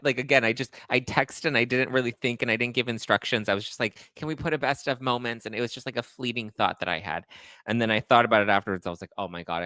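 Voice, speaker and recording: A man hosting his own podcast, talking in a halting, emotional way with many fillers and pauses. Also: medium pitch, bright, forceful tone, no echo. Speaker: podcast host. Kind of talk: emotional casual monologue.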